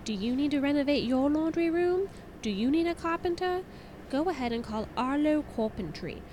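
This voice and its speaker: A woman's voice: high voice, animated, normal speed, darkish tone, a little hiss or hum. A woman reading a joke local ad in an upbeat sales voice. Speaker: ad reader. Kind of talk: mock radio ad.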